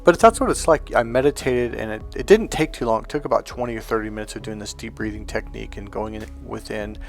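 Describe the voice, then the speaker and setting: A man's voice: lowish voice, fast, vocal fry, soft background music. Chatty man rambling through a story. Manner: rambling, many restarts and fillers, animated. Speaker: life coach and hypnotherapist. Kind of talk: casual personal storytelling monologue.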